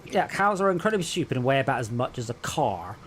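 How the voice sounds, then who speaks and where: Male streamer host, mid pitch, chatty and profane, voice call with faint noise. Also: quick pace. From England. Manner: rambling, sweary, animated storyteller. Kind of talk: casual gaming chat.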